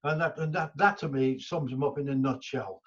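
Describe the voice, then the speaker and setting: A man's voice: medium pitch, a little fast. Rambling older man. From England. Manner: rambling, many restarts and fillers. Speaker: guest musician. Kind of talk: casual interview storytelling. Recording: dull lo-fi audio.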